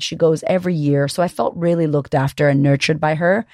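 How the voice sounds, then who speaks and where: A woman, a confidence coach hosting her own podcast, talking solo in a high-energy, chatty way and swearing casually. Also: fairly even intonation, a little fast, a little mellow, no room sound, studio quality.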